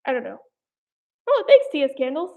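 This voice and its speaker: With big pitch swings and a high, slightly fast delivery, a young woman from New Jersey rambles casually on her livestream. She hosts an animation commentary channel, hesitates with many "like"s and "I don't know"s, and sounds a bit out of breath. Audio is tinny, as if from a phone.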